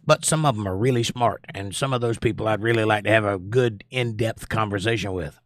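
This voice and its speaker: A man with a fairly low voice and a mostly suppressed Georgia Southern accent hosts a livestream, briskly reading chat messages in a lifted voice before musing on them analytically at length. The sound is clean and studio-like, with no room sound.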